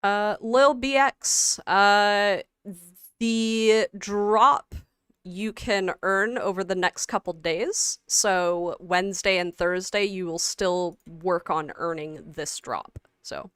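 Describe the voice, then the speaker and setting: Slow-talking woman streamer, smooth voice. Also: mid-range voice, fairly bright tone, no room sound, studio quality. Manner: halting, many fillers and restarts. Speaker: stream co-host. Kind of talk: casual livestream chat.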